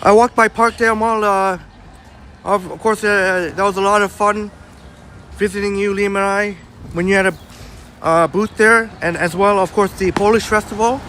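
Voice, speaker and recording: Live-streaming from a city sidewalk stroll, a blunt man who admits he's a hothead talks with his viewers, reading their chat aloud and replying. His voice sits high and sounds fairly bright, and traffic murmurs faintly in the background.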